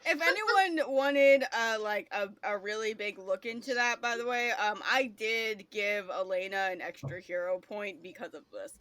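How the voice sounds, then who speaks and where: A woman's voice: mid-range voice, moderate pace, few pauses, fairly bright tone. A woman acting as game master who talks casually and easily gets her group ready to play.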